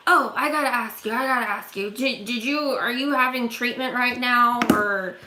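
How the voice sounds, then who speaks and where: A woman quoting a sleazy, halting, toothless man in his sixties, in an echoey room. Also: on the high side, noisy background, lightly acted. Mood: leering.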